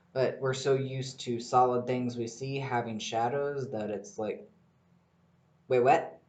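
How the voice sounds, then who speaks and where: A man hosting a casual solo podcast in a rambling, excitable way, with frequent swearing. His voice sits at an ordinary middle pitch. The room around him is noticeably echoey. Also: takes it slowly, long pauses. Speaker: podcast host.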